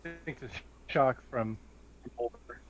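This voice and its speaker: A man playing a tabletop game, chatting casually in a quick, animated way. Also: medium pitch. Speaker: player. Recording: dull lo-fi mic.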